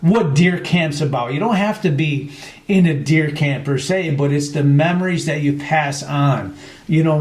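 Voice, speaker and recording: A middle-aged man from New York, telling hunting stories in a casual podcast conversation. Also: a little high. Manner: storytelling, animated retelling with quoted voices. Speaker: podcast guest, chapter president. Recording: echoey room.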